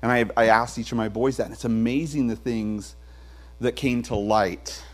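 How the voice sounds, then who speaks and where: Animated man preaching a sermon. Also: mid-range voice, moderate pace. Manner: animated storytelling with humor. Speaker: pastor. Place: church sanctuary.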